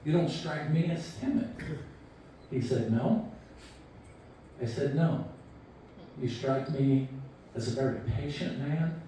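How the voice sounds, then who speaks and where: A man in his sixties giving a memorial eulogy, telling stories about a friend in an unhurried, anecdotal way and quoting him with a chuckle. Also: medium pitch, warm tone, a little hiss or hum. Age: 60s. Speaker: eulogy speaker. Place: large echoey hall at a memorial service. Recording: echoey hall recording from far off.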